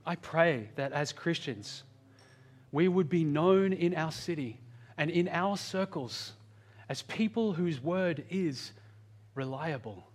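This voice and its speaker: A man delivers a sermon in an earnest, pastoral tone. His voice sits fairly high for a man. He slows right down on key phrases and rushes through asides. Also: animated. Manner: earnest, varies pitch and pace for emphasis.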